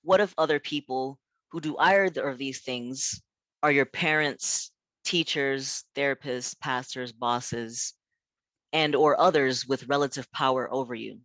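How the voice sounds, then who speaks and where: A man gives a reflective workshop talk as a pastor, his voice sitting at an ordinary middle pitch. He poses questions to his listeners and leans on frequent fillers as he thinks aloud. The sound is dry, with no room echo. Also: a little slow, fairly bright tone. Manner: thoughtful, frequent "you know" fillers, rhetorical questions. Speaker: pastor and community center founder giving a workshop.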